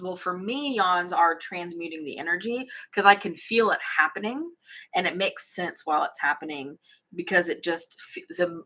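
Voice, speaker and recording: A woman hosts a casual livestream from home, reading comments aloud in a bubbly, chatty way. Her voice sits a bit low for a woman, and she yawns often between remarks. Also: pushed and bright. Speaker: spiritual channel host. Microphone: phone or webcam livestream.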